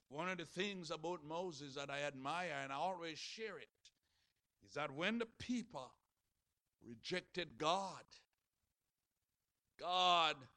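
High bright-voiced preacher, dramatic swings. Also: male voice, no echo. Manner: dramatic, swings from shouting to hushed. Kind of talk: sermon.

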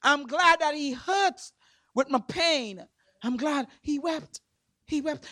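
Woman preacher, high voice, slow deliberate delivery that builds to shouted refrains. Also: animated, no room sound, studio quality. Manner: rising to fervent shouted refrains, with repeated words. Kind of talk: impassioned sermon.

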